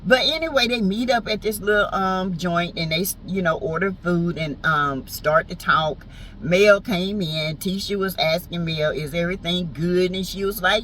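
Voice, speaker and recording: A woman's voice: fairly low pitch, moderate pace, a bit bright, slight background noise, poor audio. A woman with a Southern US accent giving a sassy, teasing, slangy recap of a reality show in casual chat. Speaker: TV show reviewer.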